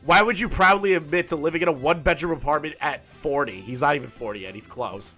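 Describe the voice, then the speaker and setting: Ranting high-voiced male streamer. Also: fast, hardly any pauses, over music. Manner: profane, ranting, laughs often. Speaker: commentary streamer. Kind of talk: live-stream commentary.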